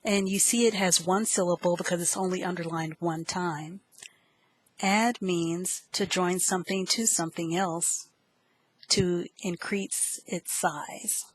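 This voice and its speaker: A woman teaching English vocabulary, who spells each word letter by letter and repeats it slowly. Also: lowish voice, fairly even intonation, a little hiss or hum, poor audio. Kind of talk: slow, deliberate vocabulary lesson.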